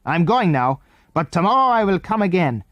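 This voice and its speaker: A gruff foreign enemy man, as the narrator of a storybook puts him on, suspicious and menacing, giving orders slowly and deliberately. He sits higher than the narrator's usual voice and swings his pitch widely. The recording is dry and close. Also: very animated, dry recording, lo-fi sound. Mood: stern. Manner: stern, commanding, slow and deliberate.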